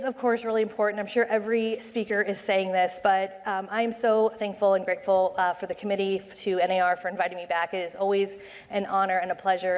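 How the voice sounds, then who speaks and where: Upbeat woman speaking in a reverberant hall. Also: mid-range voice. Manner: upbeat, chatty, often asks the room "right?". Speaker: conference speaker on social media marketing. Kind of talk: live conference presentation. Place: conference session room.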